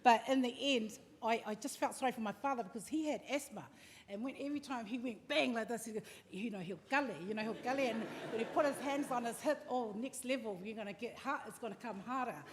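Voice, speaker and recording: A middle-aged woman with a New Zealand accent, sharing an animated personal story at a memorial service. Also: a little high, fast talker. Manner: animated, acts out the story with lively asides. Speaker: family member speaking at a memorial service. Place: large hall at a live-streamed service. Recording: echoey hall with faint background noise.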